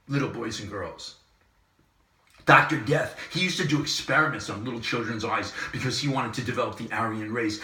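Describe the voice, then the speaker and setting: A man hosting his own commentary channel, delivering an impassioned monologue that repeats phrases and swings between loud and soft. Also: medium pitch, roomy sound, recorded from a distance. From Southern California. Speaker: online commentary host.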